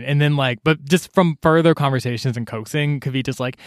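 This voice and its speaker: A man's voice: on the high side, fast talker, hardly any pauses, dry recording, clean studio sound. Chatty man retelling a story with "girl" asides. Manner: rambling, full of "like" and playful "girl" retellings. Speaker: podcast co-host discussing a novel. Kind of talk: casual book-discussion chat.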